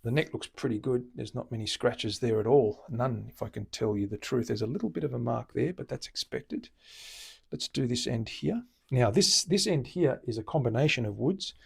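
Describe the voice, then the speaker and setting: Aussie guitar builder bloke, raspy husky voice, just chatting while he works in the shop. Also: mid-range voice, normal speed. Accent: Australian. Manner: relaxed, chatty, explains while working. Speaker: luthier host. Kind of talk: casual live-stream demonstration.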